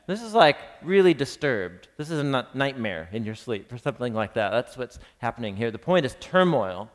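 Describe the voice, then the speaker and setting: Man teaching scripture in an echoey hall. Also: medium pitch. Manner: conversational, quizzes the audience, reads scripture dramatically. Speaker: Bible teacher. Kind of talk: live teaching to a class. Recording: long reverb of a large hall.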